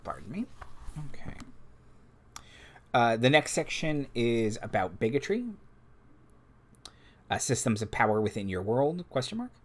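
Hosting a live stream as game master, this man reads tabletop rules aloud and throws in offhand remarks to the chat. His medium-pitched voice is very animated, and he keeps a measured pace with frequent pauses.

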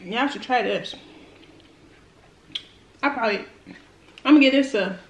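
High-voiced woman chatting through an eating show. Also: measured pace, roomy sound, a little hiss or hum, poor audio. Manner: chatty, slangy, talks to viewers while eating. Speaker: food vlogger. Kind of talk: casual eating-show chat.

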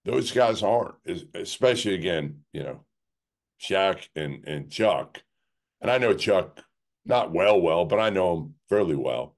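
Rambling low-voiced man on a sports podcast. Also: expressive, a little slow, vocal fry. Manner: rambling, peppered with "like" and restarts. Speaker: podcast co-host. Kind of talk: casual sports talk.

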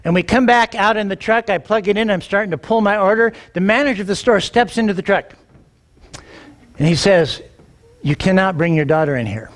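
A middle-aged man, a pastor, telling a personal story in a sermon, animated and acting out the dialogue, often repeating words as he gets going. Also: sits high, brisk. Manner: animated, acts out quoted dialogue, repeats words when excited.

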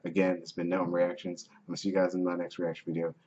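Man, reaction host, casual outro, very deep voice. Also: monotone, racing, darkish tone, lo-fi sound, slight background noise. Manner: casual, stumbling over names.

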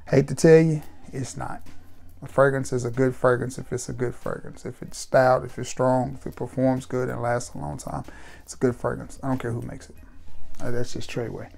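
A laid-back man chatting to camera about fragrances in a loose, repetitive way. His mid-range voice has a gravelly, creaky texture, and faint music plays underneath. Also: mid-range voice, normal speed. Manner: relaxed, rambling and repetitive, with warm sign-offs. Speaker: fragrance reviewer. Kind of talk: casual chat to camera.

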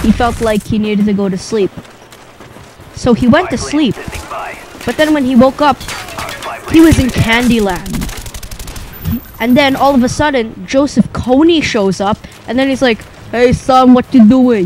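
A young man telling a rambling, improvised comic story in a deadpan way, pausing often. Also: extremely high pitch, a little hiss or hum, poor audio. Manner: rambling, deadpan, with long pauses.

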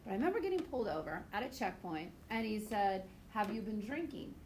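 A woman teaching a high school biology class, chatty and goofy, telling stories between points. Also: big pitch swings, fast, darkish tone, roomy sound, a little hiss or hum, poor audio. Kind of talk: classroom lecture with anecdotes.

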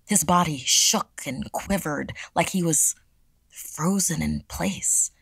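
Husky low-voiced woman reading horror. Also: slow, dry recording. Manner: hushed, dramatic reading. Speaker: podcast storyteller. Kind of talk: scripted horror narration.

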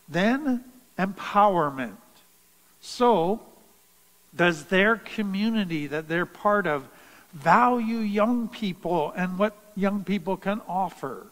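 A man giving a talk on parenting and trauma in a slow, deliberate, earnest way, stressing key phrases. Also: high-pitched, fairly bright tone, in a large hall, poor audio. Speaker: trauma educator. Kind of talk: teaching talk.

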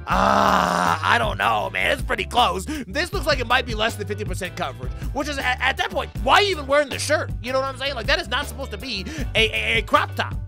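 A man's voice: very high voice, expressive, a little fast, creaky, hardly any pauses, music in the background. Incredulous man hosting reaction commentary. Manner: incredulous, profane, repeats his questions. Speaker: reaction video host.

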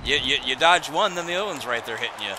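A man hosting a casual gaming chat with friends, animated and often laughing. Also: mid-range voice, fast talker, background noise. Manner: animated, laughing, frequent restarts. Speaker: host.

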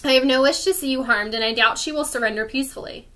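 A woman's voice: high voice, quick pace, fairly bright tone. A woman voicing a grave, firm rebel swordswoman in a storybook read-aloud. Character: stern sword-carrying woman rebel warrior.

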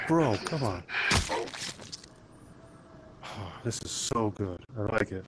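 A man's voice: on the low side, animated, slow pace, pauses often, noisy background. A man playing a zombie game, chatting playfully to himself and to the enemies as he goes. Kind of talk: let's play commentary.

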